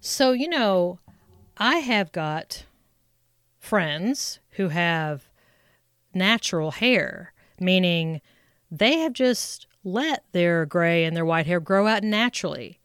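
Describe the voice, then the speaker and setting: A middle-aged woman telling a personal story in a chatty, animated way, acting out her own thoughts aloud. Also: lowish voice, slow, clean tone, no echo, studio quality. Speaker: speaker sharing a personal story.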